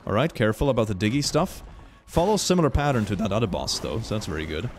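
A man's voice: lowish voice, lively intonation, quick pace, faint music behind. A young man giving playful, goofy let's play commentary, full of silly sound effects. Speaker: gaming YouTuber.

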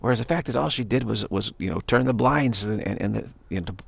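A man giving a rambling spiritual talk, digressive and halting, restarting his sentences often. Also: on the low side, creaky, husky, no echo. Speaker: spiritual teacher. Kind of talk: rambling spoken monologue.

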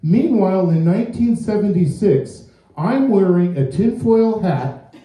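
A man's voice: high-pitched, lively intonation, measured pace, dark tone. A man doing a stand-up comedy set, rambling through his stories in a self-mocking way in front of a live audience. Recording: echoey club from far off.

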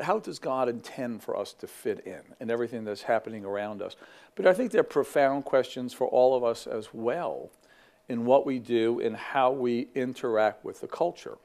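Middle-aged man, gravelly voice, easygoing talk on faith, lots of "you know" and restarts. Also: medium pitch, darkish tone. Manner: conversational, with frequent fillers and restarts. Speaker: ministry vice president.

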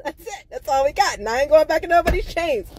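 In a dry recording, a woman host with a high, expressive voice talks fast through an emotional monologue for her viewers. She laughs nervously between furious, cursing eruptions, shifting from quiet mumbling to loud intensity.

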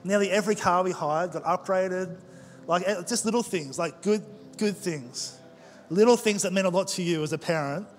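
Pastor preaching in a reverberant hall. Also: male voice, high-pitched. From Australia. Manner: conversational storytelling with quick asides. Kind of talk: sermon. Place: large church auditorium. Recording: long church hall reverb with faint music.

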